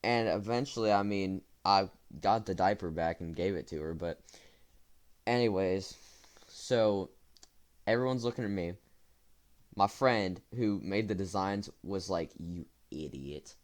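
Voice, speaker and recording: Low-voiced young man telling a story. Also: unhurried. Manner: rambling, with fillers and self-corrections. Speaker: storytime vlogger. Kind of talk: casual storytelling.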